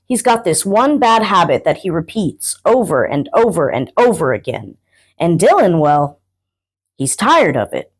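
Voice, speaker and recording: A woman's voice: on the low side, big pitch swings, a little slow, breathy edge. Woman performing rhythmic spoken word poetry. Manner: rhythmic rhyming recital. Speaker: guest spoken word poet.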